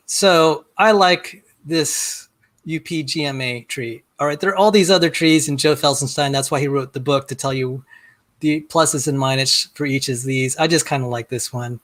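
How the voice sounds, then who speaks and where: A middle-aged man walking through a software demo on a video call, rambling and self-deprecating, often repeating words as he starts a sentence. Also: on the high side. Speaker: guest. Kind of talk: casual screen-share demo chat.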